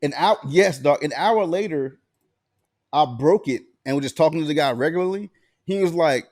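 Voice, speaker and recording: A man's voice: a little high, moderate pace, a little mellow, no room sound, clean studio sound. A man from Alabama, co-hosting a podcast and telling stories in a laid-back, profane way. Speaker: podcast co-host. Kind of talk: casual chat.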